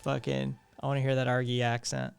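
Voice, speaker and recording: A man's voice: medium pitch, little pitch movement, brisk, vocal fry, soft background music. Profane man chatting on a live stream. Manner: blunt and profane, laughing and sarcastic. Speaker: live streamer hosting a chat show. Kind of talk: casual live-stream chat, reading viewer comments.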